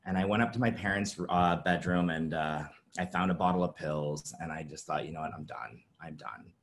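Man, low voice, halting and filler-heavy, telling his own story at an online summit. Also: fairly even intonation. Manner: halting, many fillers and restarts. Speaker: presenter sharing his story. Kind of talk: personal testimony talk. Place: virtual summit presentation.

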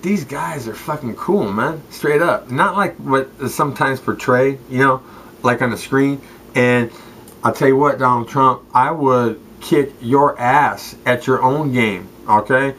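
A former football player from Southern California rants at the camera in a rambling, profane stream of street slang, calling people out by name and talking straight to them. His mid-range voice is a bit bright, and he keeps saying "straight up" and "okay." The recording is low quality, with a little hiss or hum.

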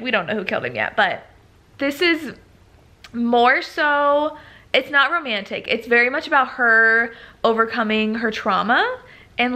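Bright, gravelly young woman vlogger. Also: a little high. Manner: rambling, frequent "like" fillers. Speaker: book vlogger. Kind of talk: casual reading vlog chat. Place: home at night by lamplight.

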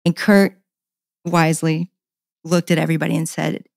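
Low-voiced woman telling a personal story. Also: level tone, normal speed, vocal fry, a little mellow, no room sound, clean studio sound. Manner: earnest, passionate, repeats words when emotional. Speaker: podcast guest.

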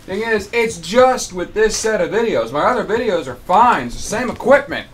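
A man's voice: sits high, lively intonation, moderate pace, a little hiss or hum. A man, griping and rambling with stammers as he records commentary over his gameplay at home. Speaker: let's player. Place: home room with air conditioner.

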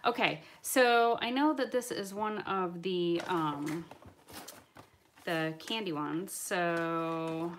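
A woman hosting a live-stream toy unboxing. She chats excitably and answers viewer comments as she opens toys. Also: on the low side, a little hiss or hum. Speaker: toy channel host. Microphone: camera mic on live stream.

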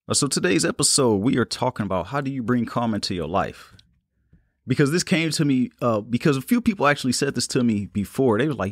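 A young man hosting a solo podcast, talking in a calm, unhurried, reflective way. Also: medium pitch, no echo, clean studio sound. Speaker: podcast host. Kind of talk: casual solo podcast talk.

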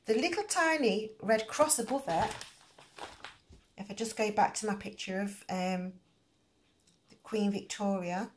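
A woman's voice: mid-range voice, unhurried, long pauses. Rambling woman crochet host. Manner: rambling, many fillers and restarts, nonstandard grammar. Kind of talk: rambling casual explanation.

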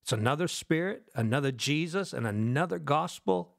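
A man preaching a fervent sermon, firing rhetorical questions at his listeners and swinging between loud declarations and hushed lines. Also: on the high side, animated, moderate pace, vocal fry. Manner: asks the audience rhetorical questions.

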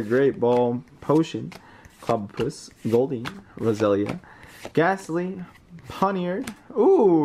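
A man giving casual unboxing commentary, reading card names aloud and getting excited over rare pulls, with words like bro and mate. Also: medium pitch, slight background noise. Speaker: card collector opening booster packs.

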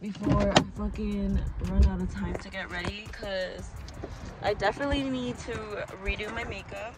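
A woman's voice: mid-range voice, fairly even intonation, moderate pace. A young woman who works as a club dancer talks casually in a vlog. She swears freely and leans heavily on "like" and "um". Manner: loose and profane, heavy with "like" and "um" fillers. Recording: clear background music under the voice. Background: music playing.

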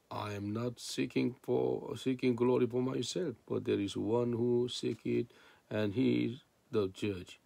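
A man's voice: medium pitch, fairly even intonation, measured pace, gravelly, warm tone, no room sound. A man preaching a sermon in non-native English, reading scripture and then explaining it with rhetorical questions.

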